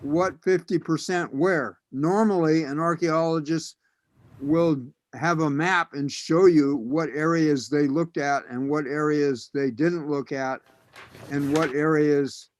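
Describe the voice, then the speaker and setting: A man's voice: on the high side, steady tone, slow, dry recording. A man serving as archaeologist commissioner, raising skeptical questions during a public meeting.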